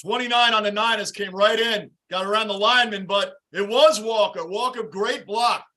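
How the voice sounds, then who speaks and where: Excitable high-voiced man hosting a game stream. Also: normal speed. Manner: excitable, shouts at big plays, greets chatters by name. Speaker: livestream host reacting to a game. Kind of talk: live game reaction and fan chat.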